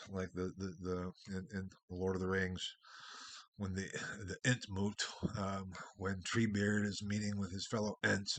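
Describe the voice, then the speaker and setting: A man giving a recorded university history lecture, talking in a discursive way with wide swings in loudness and a husky voice. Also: deep voice.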